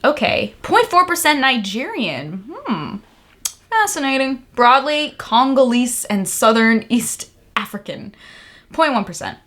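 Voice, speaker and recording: A young woman from the United States talking candidly to camera in a casual vlog, excitable and swearing freely. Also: high-pitched, measured pace. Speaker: vlogger.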